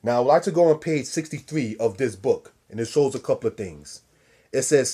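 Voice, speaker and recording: A man's voice: mid-range voice, animated, moderate pace, dark tone, breathy edge. A man giving a scripture lesson, preaching style, repeating and stressing key words and calling his listeners brothers and sisters. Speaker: religious teacher.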